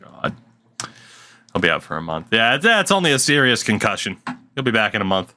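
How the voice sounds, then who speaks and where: A man's voice: on the low side, very animated, normal speed, pauses often, sharp tone. A man giving casual, sarcastic gameplay commentary at his desk mic. He swears freely and mutters to himself as he plays. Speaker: gaming channel host.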